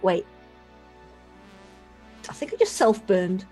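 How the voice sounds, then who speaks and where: A woman's voice: medium pitch, sing-song, slow, dark tone, breathy edge, soft background music. A woman introducing her character on a role-play stream, cheeky and self-mocking, swearing casually. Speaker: player. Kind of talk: casual chat among players.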